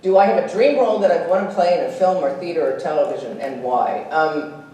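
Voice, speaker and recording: An actress speaking at a convention panel, animated and quick to laugh as she tells stories and acts out voices. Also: low-pitched. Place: convention hall stage. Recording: echoey hall, distant, faint hiss.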